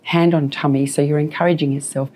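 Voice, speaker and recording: Calm low-voiced woman coaching breathing. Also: fast talker. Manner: calm, encouraging instructions. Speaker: health professional coaching breathing. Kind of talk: guiding a breathing exercise. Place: clinic room.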